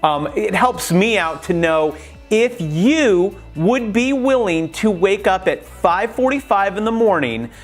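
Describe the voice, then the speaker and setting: A man talking casually in a how-to vlog, chatty and animated, acting out little conversations as he gives tips. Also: sits high, slow, soft background music. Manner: chatty and animated, acts out quoted exchanges. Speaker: YouTube creator.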